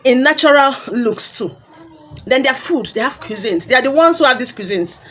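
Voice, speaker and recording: A woman's voice: sits high, lively intonation, moderate pace, fairly bright tone. A woman with a Nigerian accent giving an earnest, lecturing commentary. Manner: earnest, lecturing, lists examples. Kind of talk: explanatory commentary.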